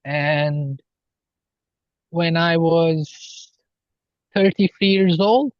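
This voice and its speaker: A man talking as a healer guest on a podcast, slow and earnest as he explains spiritual ideas. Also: fairly high pitch, no room sound, lo-fi sound. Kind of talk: podcast interview.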